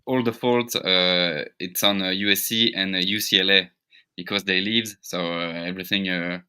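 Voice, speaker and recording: A man whose first language is French, explaining in halting English with many pauses. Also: low-pitched, steady tone, sharp tone, clear, resonant tone. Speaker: panel guest.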